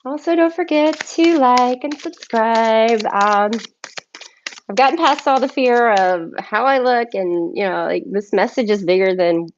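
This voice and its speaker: A woman reading tarot cards and channeled messages on a solo live stream, excitable and effusive, often thanking spirit. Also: on the high side, unhurried, lo-fi sound, a little hiss or hum. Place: home, by herself.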